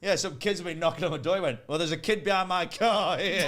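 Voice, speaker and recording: A man's voice: high-pitched, a little fast, noisy background. A man in his forties, a comedian telling rambling stories in casual chat and laughing at himself. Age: 40s. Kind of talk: casual comic storytelling.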